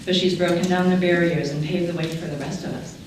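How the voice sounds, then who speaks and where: A woman's voice: lowish voice, fairly even intonation, a little fast. Earnest woman introducing a speaker in a big echoey hall. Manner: earnest, heartfelt. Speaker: conference speaker introducing the keynote. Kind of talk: formal introduction speech. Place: large conference hall. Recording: echoey hall, distant mic, audible noise.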